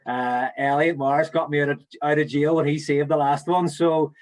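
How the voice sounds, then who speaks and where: Teasing man, fairly high voice. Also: level tone, moderate pace. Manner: short teasing interjections. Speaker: podcast co-host. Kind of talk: casual interview banter.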